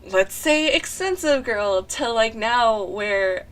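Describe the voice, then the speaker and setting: Gushing young woman, excited fan chat. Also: fairly high pitch, slow, clean tone. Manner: gushing, excitable fangirling with frequent sighs; rambling and breathless, often saying "like". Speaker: artist narrating a drawing video. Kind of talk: casual chat voice-over.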